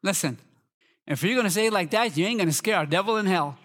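A guest pastor from Minnesota preaching a lively, fervent sermon to a congregation, leading them in call and response and rising to shouts. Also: male voice, high voice, quick pace. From Minnesota, USA.

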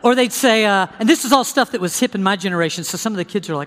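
A male preacher giving a testimony sermon in a lively, storytelling way, talking right to his listeners. His voice sits high for a man. The sound carries a long reverb tail, as in a big hall. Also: rapid-fire, few pauses. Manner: animated storytelling, addresses audience directly.

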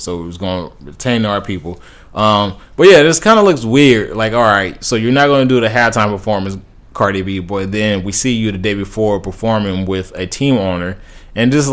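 Man, low-pitched voice, casual rambling commentary, podcast host, lots of fillers and restarts.

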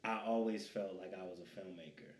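A man's voice: deep voice, steady tone, a little fast. A man who is the guest filmmaker in an interview, answering in a laid-back, confident way. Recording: roomy echo.

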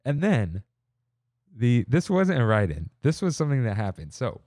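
Mellow-voiced young man telling stories. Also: mid-range voice, normal speed, no room sound, clean studio sound. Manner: rambling storyteller, animated quoting. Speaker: podcast co-host. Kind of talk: casual chat.

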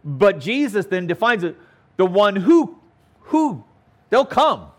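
A pastor teaches through a Bible passage in a slow, deliberate sermon, his voice rising and falling with lots of movement. He is a man with a slightly high voice who leans hard on repeated words for emphasis and keeps asking his listeners "okay?". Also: sing-song.

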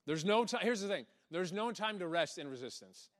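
A young man preaching a sermon, energetic and chatty, laughing often and dropping into a soft low voice to act out quotes. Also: brisk. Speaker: pastor.

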